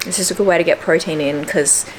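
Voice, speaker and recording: A woman's voice: fast talker, a little hiss or hum. A young woman talking casually to camera about her day at home, chatty and upbeat. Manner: chatty and upbeat, drifting into squeaky baby talk for her dog. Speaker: fitness vlogger. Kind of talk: casual vlog chat to camera.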